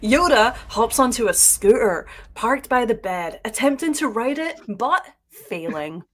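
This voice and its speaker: A woman's voice: a little high, animated, a little slow. A woman co-hosting a paranormal podcast, reading a silly story aloud and giggling now and then. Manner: reads narration with frequent giggles. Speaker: podcast co-host.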